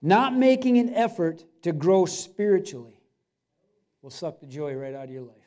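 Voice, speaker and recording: A man's voice: sits high, normal speed, warm tone. A middle-aged man preaching a sermon in a loose, conversational way, with asides and restarts. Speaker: pastor.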